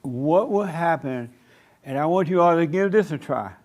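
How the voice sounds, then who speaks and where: A man preaching a sermon to a small congregation in a church meeting room. He repeats short commands emphatically and slows down to stretch words for emphasis. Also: a little high, expressive, darkish tone. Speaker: pastor.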